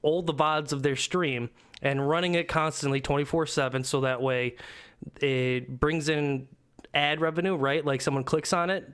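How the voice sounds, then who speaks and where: A man's voice: on the high side, fairly even intonation, moderate pace, fairly bright tone, clean tone. A man co-hosting a casual gaming podcast, rambling with lots of fillers and casual swearing. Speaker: podcast co-host.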